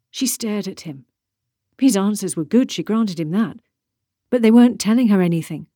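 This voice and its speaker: Woman narrator, steady mid-pitched read, dry studio sound. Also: no echo. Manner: measured, steady storytelling. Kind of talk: audiobook narration.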